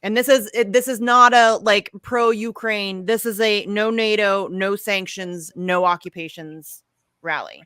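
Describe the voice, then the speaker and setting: A woman co-hosting a casual podcast chat, relaxed and agreeable, with hesitant fillers. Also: mid-range voice, unhurried, clean tone, no echo. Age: adult. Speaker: podcast co-host.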